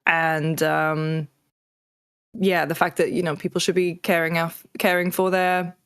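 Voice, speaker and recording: A woman's voice: lowish voice, level tone, measured pace, a bit bright, clean tone, dry recording, clean studio sound. A woman co-hosting a games news show, speaking frankly with a wry, exasperated edge. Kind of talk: casual news discussion.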